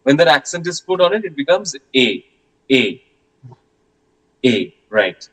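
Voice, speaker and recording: A man's voice: a little high, big pitch swings, unhurried, a bit bright, rough recording. A man teaching a French class, patiently repeating questions and sounds with many hesitations.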